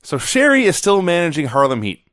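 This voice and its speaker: A man's voice: on the high side, very animated, a little fast, fairly bright tone, no room sound. A man co-hosting a podcast, recapping old wrestling matches play by play in casual chat with a dry, matter-of-fact delivery. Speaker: podcast co-host.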